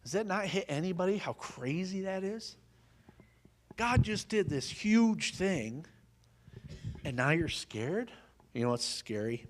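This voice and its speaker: A man preaching a sermon, telling a Bible story with lively, folksy humor and questions for the congregation. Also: sits high, a little slow, pauses often, a little hiss or hum. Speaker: pastor.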